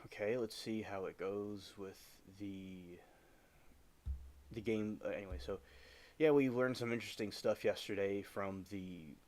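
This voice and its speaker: A man chatting casually on a gaming livestream from home, rambling with halting restarts as he talks over his game. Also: lowish voice, steady tone, darkish tone. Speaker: live streamer.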